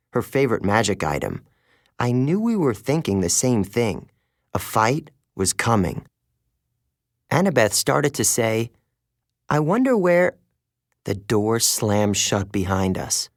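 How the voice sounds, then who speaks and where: A man's voice: medium pitch, dry recording. A man narrating an audiobook in the first person, wry and conversational, close to a studio mic.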